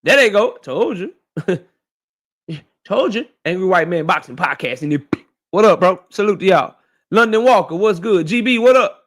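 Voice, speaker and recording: A man's voice: high-pitched, expressive, moderate pace, pauses often, a bit bright. A man hosting a live stream, casually greeting chat viewers one by one in slang. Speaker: livestream host.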